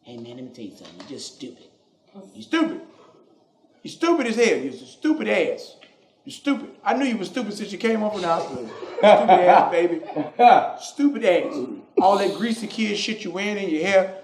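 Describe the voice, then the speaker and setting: A man's voice: sits high, sing-song, fast, slight background noise. A man voicing a scornful older grandfather who keeps insulting his grandson, recorded in an echoey room.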